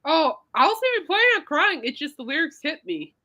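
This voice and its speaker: A woman hosts a casual podcast with a bright, sharp voice. She chats and giggles freely, drawing her words out long when she gets emotional. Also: high voice, very animated, fairly quick. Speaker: podcast host. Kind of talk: casual chat.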